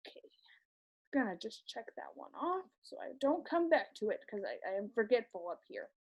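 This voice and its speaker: A woman's voice: a little high, big pitch swings, normal speed, darkish tone, slightly rough, heavily acted. A woman playing a nervous, rambling middle-aged dad who reviews movies in a comedy sketch, stammering through constant fillers. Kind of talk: comic sketch monologue.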